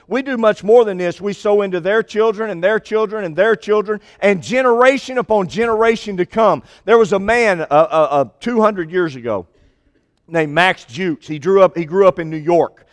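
A man preaching a sermon with an emphatic, repetitive cadence, slowing down to stress key lines. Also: high voice. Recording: long hall reverb.

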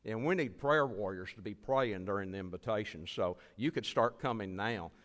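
A man's voice: lowish voice, moderate pace. A man preaching as a visiting evangelist, giving an earnest altar call and repeating his pleas. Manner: earnest, pleading, repeats phrases. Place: church sanctuary. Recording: long church hall reverb.

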